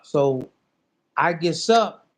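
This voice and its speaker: A man's voice: on the high side, very slow, slight background noise. A man in his fifties tells a story in a casual interview, his voice sitting a little above the usual male range. He rambles loosely with plenty of fillers, then jumps into acting out both sides of a phone conversation. He speaks as a former boxer recounting his career. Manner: animated storyteller who acts out both sides of a phone call; loose, repetitive phrasing with many fillers.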